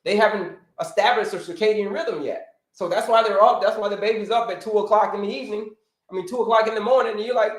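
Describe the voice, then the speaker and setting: A man coaching viewers through a livestream health lesson, with a voice pitched well above most men's. He drives his points home by repeating them and calls out viewers by name. The sound carries a roomy echo. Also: fast. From United States. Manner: animated teacher, repeats key points, greets viewers by name. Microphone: livestream setup.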